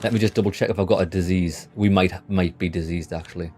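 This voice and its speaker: Young British male game streamer: low, warm voice, rambling, blunt, sweary chat with viewers. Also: steady tone, fast, soft background music. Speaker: gaming livestreamer. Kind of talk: casual chat with live chat.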